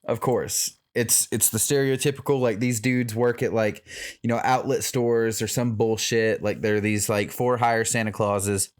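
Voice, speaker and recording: A man's voice: fairly low pitch, fairly even intonation, measured pace. A man co-hosting a movie-review podcast, recapping the plot in a loose, profane, rambling way. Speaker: podcast co-host. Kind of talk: casual movie-review chat.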